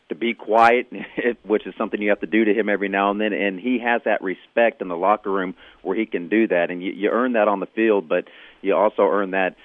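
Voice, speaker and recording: A man with a fairly low voice phones in to a radio show. He talks through the game in a relaxed, knowledgeable way and often restarts his phrases. The line is narrow and tinny, with no room sound. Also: no echo. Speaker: sports radio guest analyst. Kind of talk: radio interview, casual sports talk. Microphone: phone call.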